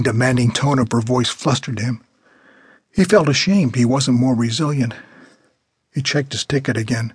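A man reads his own novel aloud in a measured, plain way, his voice husky and breathy at the edges. The sound is dry and close, with no room around it. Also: medium pitch, no room sound. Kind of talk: scripted audiobook narration.

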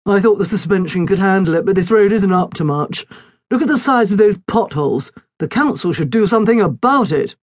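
A woman's voice: medium pitch, expressive, a little fast, no room sound, close to an everyday voice. A woman voicing a fussy, slightly pompous middle-aged father in a children's audiobook. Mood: matter-of-fact. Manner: prim, lecturing.

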